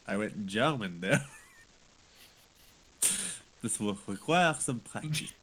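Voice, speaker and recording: A man's voice: lowish voice, animated, slow pace, long pauses, fairly bright tone, slight background noise, low-quality recording. A man playing a tabletop game, joking and slipping into a mock-formal character voice. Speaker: player. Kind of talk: casual tabletop play with a put-on in-character accent.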